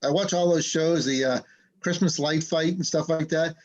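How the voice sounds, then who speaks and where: A man chats on a live stream with a fairly high voice and an easygoing, joking way of telling stories. The sound is a bit dull and muffled, like it's coming in through a video call. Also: normal speed, darkish tone. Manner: chatty, laughing between stories. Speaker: host. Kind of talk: casual chat on a live stream.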